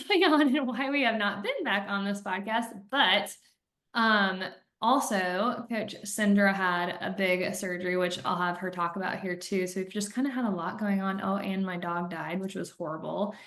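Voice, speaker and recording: A woman's voice: mid-range voice, moderate pace. Woman host, 30s, chatty storyteller; echoey room. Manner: chatty, animated storytelling with laughs. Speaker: podcast host and coach. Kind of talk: casual podcast chat. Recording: roomy echo.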